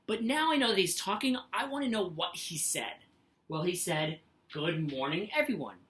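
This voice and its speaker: A woman's voice: medium pitch, very animated, moderate pace, fairly bright tone. A woman teacher giving a recorded lesson, patient and sing-song, reading example sentences aloud with exaggerated expression. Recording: echoey room.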